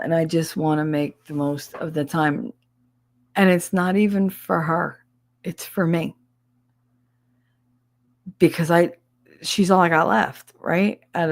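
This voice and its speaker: A middle-aged woman with a New Jersey accent hosts a casual livestream chat in a low, gravelly voice. She talks bluntly and abrasively, swearing often. The sound is close and dry. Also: dry recording. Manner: blunt, abrasive, heavy cursing. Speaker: livestream host.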